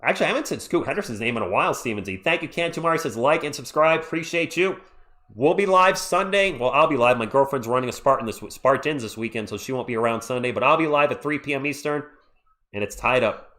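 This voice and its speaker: A man hosting a live play-by-play stream, calling the action and chatting with viewers in an excitable, jokey way. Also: medium pitch, quick pace. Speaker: livestream play-by-play host. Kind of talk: live play-by-play with chat reactions.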